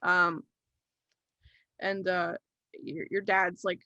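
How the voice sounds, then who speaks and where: A woman runs a tabletop game, narrating slowly and stumbling through fillers as she works out the scene. Her voice is bright and forceful, recorded close and dry. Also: mid-range voice, steady tone, dry recording. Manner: halting, full of ums and likes. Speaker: game master.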